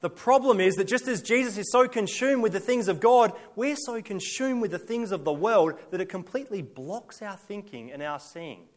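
A man's voice: high voice, animated, moderate pace, hardly any pauses. A male pastor preaching a sermon, emphatic, building his points through repeated lists and rhetorical questions.

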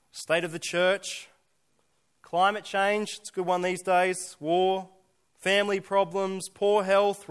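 A pastor preaching a sermon, earnest, with slow emphatic lists and rhetorical questions. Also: male voice, high-pitched.

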